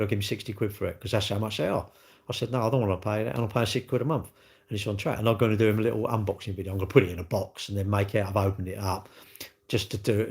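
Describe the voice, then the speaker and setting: A man chatting casually on a livestream, blunt and rambling, tacking questions onto his sentences. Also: lowish voice. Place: indoors at home.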